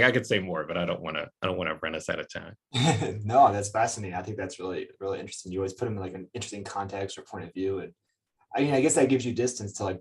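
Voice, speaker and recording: A man poet chatting casually, relaxed and hedging with fillers. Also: on the low side. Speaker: poet in conversation. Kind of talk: casual conversation.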